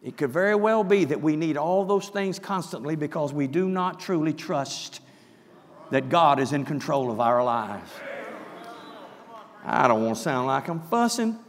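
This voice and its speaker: A man preaching a sermon, swinging from soft, quiet asides up to loud shouted passages. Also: fairly high pitch, lively intonation, unhurried, in a large hall. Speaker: pastor.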